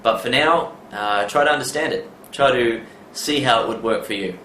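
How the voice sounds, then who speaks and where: A man's voice: mid-range voice, moderate pace, sharp tone. A middle-aged man, a dating coach talking through his advice in a loose, conversational way and saying "you know" a lot. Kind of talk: casual instructional monologue. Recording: roomy, distant mic, faint background noise.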